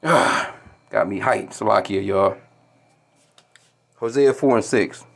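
A man's voice: fairly low pitch, slow pace, vocal fry, pauses often, a bit bright. A man delivering a heated, profane commentary rant, stumbling over repeated words and stopping to read scripture. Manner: profane, heated, repetitive restarts, quotes scripture. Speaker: commentary vlogger. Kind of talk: ranting commentary video.

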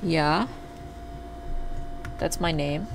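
A man's voice: on the high side, very slow, creaky. Guy streaming a block game, chatty and casual, cusses a lot, faint hum behind. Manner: chatty, talks to chat, swears when upset.

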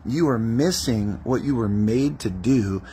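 A man's voice: medium pitch, unhurried, mellow, a little hiss or hum. A man preaching a testimony-style sermon as an evangelist, telling stories animatedly and acting out prayers and dialogue.

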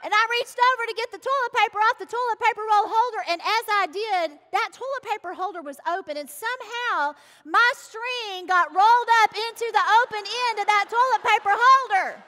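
A woman with a Southern US accent spins a comic story for a live crowd, folksy and animated. Her voice sits very high and rings bright and forceful. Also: fairly quick, hardly any pauses. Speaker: host and speaker. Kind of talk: humorous storytelling to a live audience.

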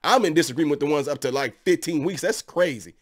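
A man's voice: fairly high pitch, lively intonation, fast talker. A man hosting an opinion video, ranting sarcastically and firing rhetorical questions at his viewers. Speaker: commentary channel host.

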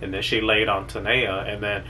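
A young man, a new father, telling a story in a casual, animated and slangy way, often repeating words. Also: fairly low pitch, normal speed, a little hiss or hum, rough recording. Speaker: new father, vlog co-host.

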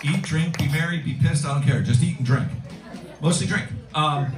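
A man's voice: a little high, normal speed, over a noisy crowd. A middle-aged man works a restaurant room in a live stand-up set, rambling and self-deprecating with plenty of ums. His voice sounds roomy and distant from the mic. Music plays behind him. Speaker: stand-up comedian.

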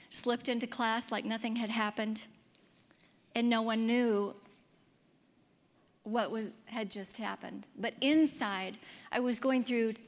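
A woman in her fifties giving a candid personal testimony as a speaker, in a conversational storytelling way. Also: fairly high pitch. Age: 50s. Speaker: pro-life speaker. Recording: long hall reverb.

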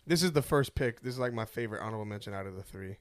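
A man's voice: on the low side, rapid-fire, dry recording, studio quality. A man co-hosting a podcast, joking around in casual chat with his friends. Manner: jokey, animated, laughs a lot. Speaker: podcast co-host.

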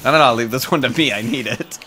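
A man's voice: medium pitch, quick pace, bright, forceful tone. A man joking and mocking himself while playing a co-op shooter with friends. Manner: joking, self-mocking, laughs often. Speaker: gamer on a co-op stream. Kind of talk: casual gaming banter. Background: game music.

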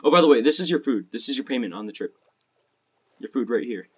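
Husky joking man on lo-fi audio. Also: medium pitch, lively intonation, fast talker, a little mellow. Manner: joking, crude storytelling. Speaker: gamer playing with a friend. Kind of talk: casual gaming chat.

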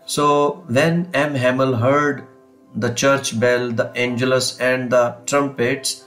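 A man explaining a textbook chapter to students, reading passages and then going over them, often saying "you see" and "kindly note down". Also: mid-range voice. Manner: slow, repeats and rephrases, fillers, "you see" and "kindly note down". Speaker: English teacher. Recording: faint guitar music behind.

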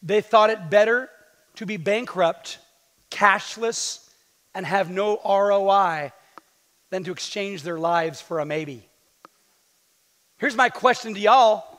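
A man preaching with a strikingly high, bright, forceful voice that rings through a church with a long echo. He jokes and teases the congregation between points of his sermon. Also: takes it slowly, pauses often. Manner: lively, joking preacher with playful asides. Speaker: pastor. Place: church sanctuary. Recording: long hall reverb in a church.

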